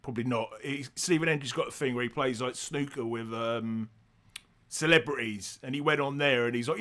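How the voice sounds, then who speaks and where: A man hosting a casual football watchalong, easygoing and quick to laugh as he asks questions. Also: mid-range voice, sharp tone. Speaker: podcast host.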